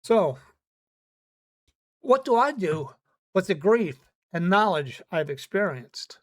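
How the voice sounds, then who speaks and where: A man hosting a podcast, telling personal stories in an earnest, halting way and often repeating words as he restarts his sentences. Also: sits high, big pitch swings. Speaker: podcast host. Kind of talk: personal storytelling monologue.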